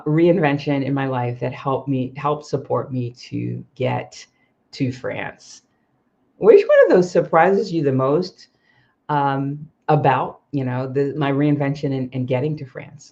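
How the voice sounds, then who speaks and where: Speaking slowly in a deep, darkish voice, a livestream host who coaches expats shares personal anecdotes casually. Frequent ums and self-corrections pepper her talk, heard through slightly muffled stream audio.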